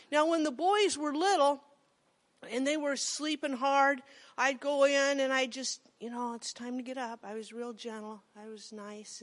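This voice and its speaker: Middle-aged woman pastor, conversational sermon delivery, slightly high voice. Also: a bit bright. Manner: conversational storytelling preaching.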